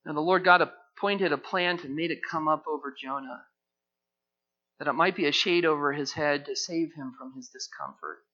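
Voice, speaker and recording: A man delivering a sermon, reading scripture with strong emphasis and acting out the story in paraphrase. His voice sits a little high and has a bright, forceful edge. The recording is dull and lo-fi. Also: moderate pace. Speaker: preacher.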